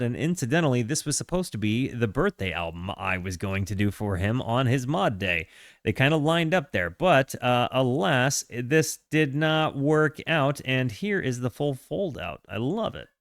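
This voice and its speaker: A man hosting a music reaction stream, reading notes aloud and chatting with his viewers, halting and full of fillers. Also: mid-range voice, dry recording, studio quality. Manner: chatty, halting, with frequent fillers and self-corrections; hearty shout-outs to chat. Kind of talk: casual live-stream chat and reading aloud.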